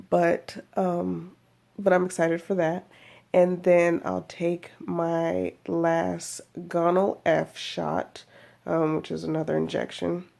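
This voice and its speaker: A woman's voice: on the low side, vocal fry, dark tone. A woman giving a chatty, rambling personal video update, laughing often as she talks. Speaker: vlogger.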